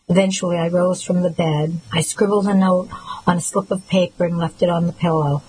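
Woman, audiobook narrator, low voice, measured first-person storytelling. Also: steady tone, mellow, slight background noise, rough recording.

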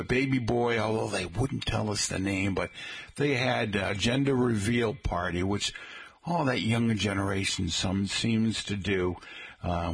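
A middle-aged man hosting a local radio show, chatting in a folksy way and slowly spelling out details for listeners. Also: fairly low pitch, husky. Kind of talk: casual radio talk. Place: radio studio.

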